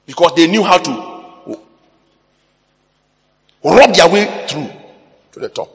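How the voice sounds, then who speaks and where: A man's voice: fairly high pitch, expressive, slow, long pauses. Preaching Ghanaian man in echoing hall. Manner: preaching with sudden loud bursts. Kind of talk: sermon. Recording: long hall reverb.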